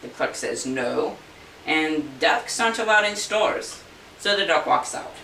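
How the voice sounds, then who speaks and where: A man's voice: a little high, expressive, a little slow, vocal fry, bright, forceful tone. A man who makes balloon animals, telling his favorite jokes to the camera in a chatty, folksy way. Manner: folksy, chatty, slips into funny voices for characters. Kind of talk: casual joke telling to camera. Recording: roomy echo, far from mic, faint hiss.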